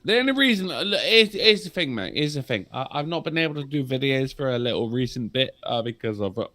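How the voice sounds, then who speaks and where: A man with an English accent chatting and joking on a podcast, swearing freely, calling people mate and laughing often, with a rough throat. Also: medium pitch, very animated, fast talker, sharp tone. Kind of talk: casual podcast banter.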